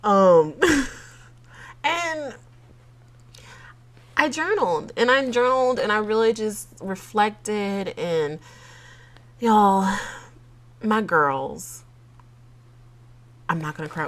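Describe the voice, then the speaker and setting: Woman podcast host, solo casual monologue, giggly and emotional, unhurried delivery. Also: mid-range voice, expressive. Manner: chatty, giggly and emotional, with frequent laughs and fillers.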